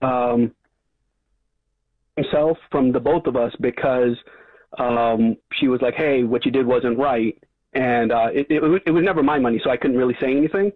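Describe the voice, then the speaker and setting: Male phone-in caller, hesitant and halting, on a thin phone line. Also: mid-range voice, no echo. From Long Island. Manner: hesitant, many fillers and restarts. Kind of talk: phone-in call.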